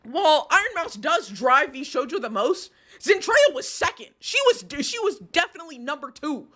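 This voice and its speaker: A woman's voice: high-pitched, sing-song, normal speed, sharp tone. A young woman streamer giving casual live commentary, rambling and heated, with lots of restarts and swearing.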